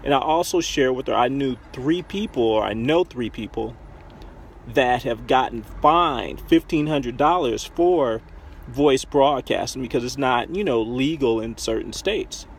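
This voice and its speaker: A man's voice: mid-range voice, measured pace, gravelly, slight background noise. A man casually retelling a conversation, chatty with lots of fillers. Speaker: online marketing vlogger. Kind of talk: casual storytelling to camera.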